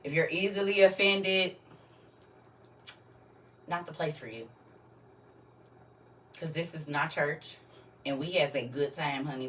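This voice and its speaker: A woman's voice: low voice, far from the mic, slight background noise. A woman hosting a live stream, talking casually and half-preachy to her viewers and laughing often.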